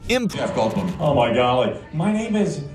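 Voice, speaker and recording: A man doing an impression of a halting, flattering older gentleman on a talk show, stammering and drawing out his words. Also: fairly high pitch, roomy sound, soft background music. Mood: smitten. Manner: stammering, drawn-out, flirtatious.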